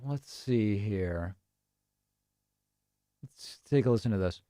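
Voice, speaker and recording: Animated, chatty male show host. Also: on the low side, slow pace, no echo, clean studio sound. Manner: chatty, animated, reading voicemails and chat. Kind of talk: casual live-stream talk.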